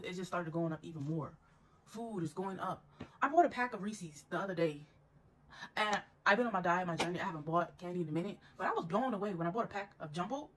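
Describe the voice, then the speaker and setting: A woman's voice: lowish voice, a little hiss or hum, rough recording. A woman venting wearily to her viewers, exasperated and fed up. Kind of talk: vlog rant.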